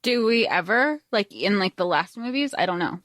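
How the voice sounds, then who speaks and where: A woman's voice: medium pitch, lively intonation, moderate pace, a bit bright, no room sound, studio quality. A young woman co-hosting a podcast, making wry, joking asides while recapping a movie. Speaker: podcast co-host. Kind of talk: casual chat recapping a movie.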